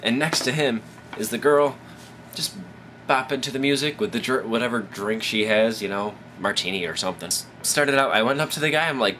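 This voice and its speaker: A man's voice: medium pitch, lively intonation, fairly quick, pushed and bright, a little hiss or hum. A man hosting his own advice vlog, telling a rambling, profane story while drunk. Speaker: vlogger, host of his own show.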